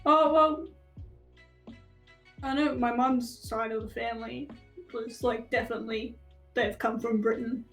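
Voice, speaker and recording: An Australian woman with a highish voice chats as a stream guest, rambling easily through her thoughts with plenty of fillers. Faint music sits beneath the call. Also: unhurried, pauses often, poor audio. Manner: relaxed, rambling, many fillers. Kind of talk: casual chat on a live stream.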